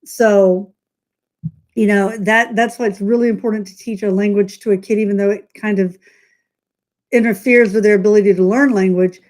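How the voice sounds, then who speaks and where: A woman with a light Southern US drawl hosting a casual live chat, talkative and quick to laugh at herself, heard over a video call. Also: medium pitch, steady tone, a little mellow. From Southern United States. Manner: chatty, laughs often, self-mocking. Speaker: host.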